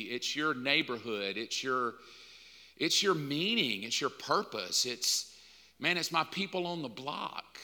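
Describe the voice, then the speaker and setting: A man's voice: on the high side, bright, forceful tone. A man preaching a sermon as pastor in a conversational style, acting out bits of dialogue. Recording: long hall reverb.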